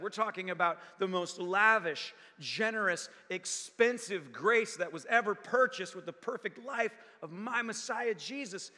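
A man preaching a sermon as pastor, dramatic, swinging from loud bursts to hushed tones. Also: sits high, long reverb tail.

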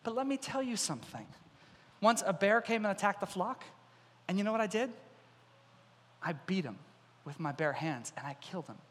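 A pastor acting out the young shepherd David, earnest and cocky, in a hall with long reverb. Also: male voice, high-pitched, moderate pace, sharp tone. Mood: bold. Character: eager bold young shepherd boy David.

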